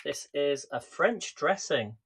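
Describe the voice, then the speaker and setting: A man's voice: fairly high pitch, lively intonation, slow, a bit bright, husky. A man hosting a live cooking stream, chatting casually and greeting viewers by name, recorded in a home kitchen on a camera set on a tripod.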